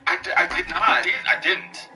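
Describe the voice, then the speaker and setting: A young man chatting on a game stream, laughing and trading mock-offended banter with a friend. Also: a little fast. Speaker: co-host friend. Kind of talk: casual gaming stream chat. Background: game music.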